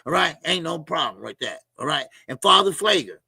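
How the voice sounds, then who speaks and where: A man's voice: fairly high pitch, big pitch swings, fairly quick, creaky, sharp tone, breathy edge, no echo, clean studio sound. A middle-aged man hosts a casual boxing livestream. He talks loose and profane, laughs a lot and reads out viewer comments and donations.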